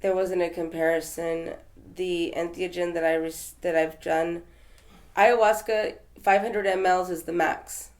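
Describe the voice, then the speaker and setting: A woman's voice: on the low side, steady tone, a little slow. A woman from Texas telling her story as an interview guest, in a rambling, conversational way with fillers and restarts. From Texas, USA.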